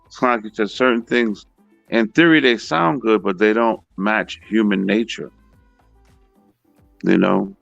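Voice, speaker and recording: A man with a low, heavily gravelly voice speaks very slowly and easily in casual talk. He mostly offers short replies of agreement. The recording is dry and dull, with faint music behind. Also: fairly bright tone, no room sound. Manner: slow, laid-back, short agreeing replies. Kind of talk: casual conversation.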